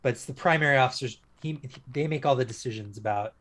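This interview guest used to be a police officer, and his mid-range voice carries a slight brightness. The story he tells comes out casual and stop-start, full of fillers and fresh starts.

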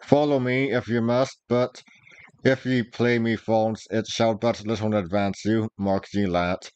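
A man's voice: lowish voice, steady tone, unhurried, clean tone, no room sound, highs cut off, close to an everyday voice. A man reading aloud, voicing a proud, hot-tempered young male outlaw archer in old-fashioned speech. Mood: exasperated. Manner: archaic, old-fashioned speech, forceful outbursts.

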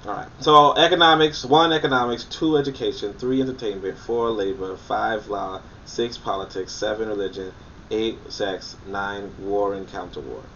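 A man's voice: lowish voice, moderate pace, bright, forceful tone, highs cut off, a little hiss or hum. Emphatic man reading and critiquing, distant mic. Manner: emphatic, repeats points for emphasis; incredulous and scoffing. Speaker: commentator. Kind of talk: reading a book aloud with critical commentary.

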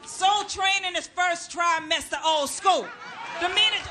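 Brash, shouting middle-aged woman comedian. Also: very high voice, unhurried. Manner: loud, brash, shouting to the crowd. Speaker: stand-up comedian. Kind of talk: stand-up comedy routine. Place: stage before a live studio audience. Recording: loud live audience and noisy hall.

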